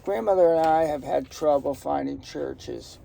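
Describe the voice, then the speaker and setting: A man's voice: fairly high pitch, measured pace, vocal fry, dark tone, a little hiss or hum. An older man telling stories from his life in a rambling, joking, outspoken way, recorded outdoors in a garden. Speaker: storyteller. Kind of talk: casual personal storytelling.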